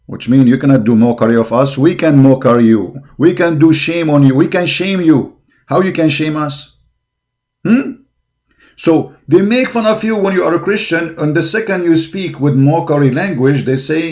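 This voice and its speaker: Gravelly-voiced man, combative preaching tone. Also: a little high, moderate pace, a little mellow. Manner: combative and preaching, grows heated and mocking; non-native English grammar, frequent uh fillers. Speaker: religious commentator. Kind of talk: impassioned online commentary monologue.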